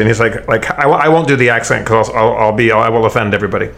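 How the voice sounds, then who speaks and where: A man's voice: mid-range voice, fairly even intonation, fast, hardly any pauses, a bit bright. A man in casual chat, rambling with many restarts and swearing freely as he tells food stories.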